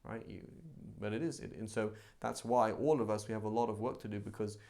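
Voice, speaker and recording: A man teaching a live religious class in a conversational, animated way, acting out everyday examples. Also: lowish voice, a little fast, creaky. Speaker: Islamic teacher.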